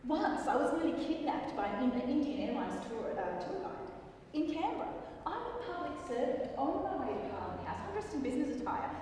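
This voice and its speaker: A middle-aged woman with a broad Australian accent telling a wry, lively comic monologue on stage. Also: high voice, fairly quick, a little hiss or hum. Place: large town hall stage. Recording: echoey hall, miked from far off.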